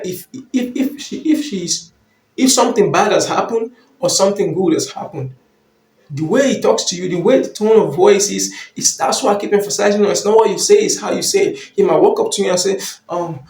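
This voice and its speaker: A man's voice: sits high, moderate pace, a little mellow, echoey room. A man giving a motivational dating and confidence talk, repeating his points emphatically and calling the listener brother.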